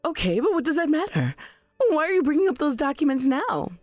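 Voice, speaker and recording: A woman's voice: big pitch swings, brisk, dry recording, clean studio sound, faint music behind. A woman playing an indignant, self-righteous mother. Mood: defensive. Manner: dramatic, sweeping pitch swings. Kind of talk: text-message drama voice acting.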